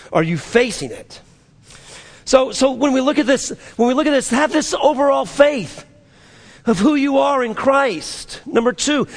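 A man pastor preaching a sermon to his church, with dramatic swings and voices for the people he quotes. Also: very high-pitched.

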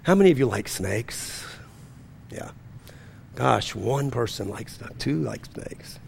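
A man preaching a sermon as pastor to a congregation, swinging between fervent rising lines and hushed, low-key storytelling. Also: animated, slow, vocal fry, a little hiss or hum. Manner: preaching with rising intensity and drops to a near-hush. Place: church.

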